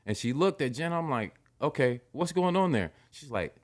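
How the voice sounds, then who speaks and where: Excitable man telling stories. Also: a little high, normal speed. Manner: animated storyteller, excitable, swears a lot. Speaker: podcast co-host. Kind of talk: casual chat.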